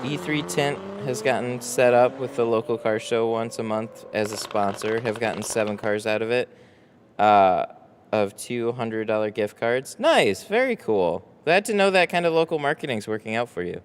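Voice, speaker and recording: A man's voice: medium pitch, animated, normal speed, slight background noise. A man running a casual live stream from his tint shop, reading chat aloud, tired and rambling with casual swearing. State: tired, no coffee.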